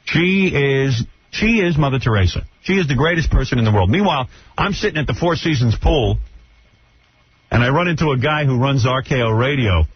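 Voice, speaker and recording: A man's voice: medium pitch, lively intonation, a little fast, breathy edge. A middle-aged man, a radio show host telling a story in a brash, mocking way. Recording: dull lo-fi radio broadcast.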